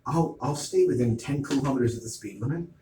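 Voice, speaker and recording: A man's voice: medium pitch, fairly quick, mellow. A middle-aged man in an agitated monologue, retelling an argument in quoted back-and-forth. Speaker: vlogger. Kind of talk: ranting monologue. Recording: roomy, distant mic, noisy ambience.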